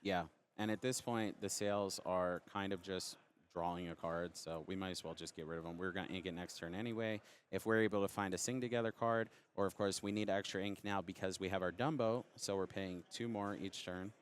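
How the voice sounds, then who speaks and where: A man with a deep, low voice analyses a card game match as color commentator. His delivery is conversational and thoughtful, and he explains plays from his own experience. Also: fairly even intonation, brisk, a little hiss or hum.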